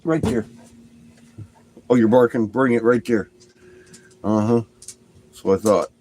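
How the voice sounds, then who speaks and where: A man's voice: mid-range voice, fairly even intonation, a little slow, darkish tone, a little hiss or hum, rough recording. A man livestreaming from home who laughs a lot, swears freely and banters with his dog between chatting with viewers. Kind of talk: casual livestream chat.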